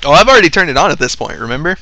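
A man's voice: fairly high pitch, very animated, rapid-fire, sharp tone, no echo. A man in casual chat who laughs and swears freely and jumps in with comments and his own story.

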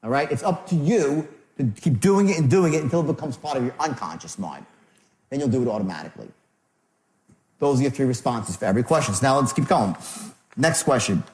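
A man's voice: mid-range voice, animated, a little fast, darkish tone. A man running a live sales training seminar, acting out customer and salesman lines with shifting tone. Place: seminar room. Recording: echoey room.

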